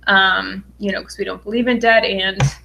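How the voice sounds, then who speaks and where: A young adult woman from Western Massachusetts hosts a casual live stream and reads viewer comments aloud. She sounds bubbly and excited, with a mid-range voice and lots of "um"s between names. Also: mid-range voice, moderate pace, vocal fry, a little hiss or hum. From Western Massachusetts, USA. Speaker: personal finance vlogger.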